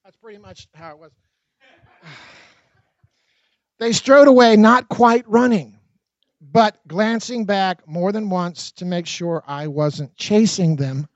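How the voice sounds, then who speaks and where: Man narrating own memoir, high voice, expressive, dry, dull lo-fi sound. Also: dry recording. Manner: expressive, dramatic reading with quick asides.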